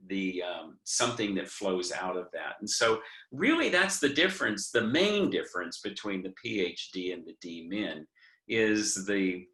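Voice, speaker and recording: A man's voice: on the low side, bright, forceful tone, echoey room. A man, a practical theology professor, explaining in an earnest teaching manner with frequent restarts. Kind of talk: webinar talk.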